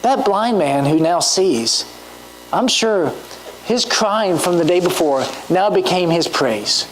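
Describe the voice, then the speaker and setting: A woman delivers a sermon in a church, earnest and full of rhetorical questions. Her pitch rises and falls in a lively, animated way. A faint hum runs underneath the recording. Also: slow pace, poor audio. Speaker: preacher.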